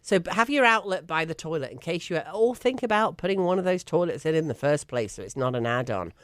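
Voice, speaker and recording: Her low voice has lively intonation, and she talks fast. This woman from England, with an English accent, co-hosts a casual chat show, chatty and emphatic, laughing frequently. It's studio-quality audio with no room sound.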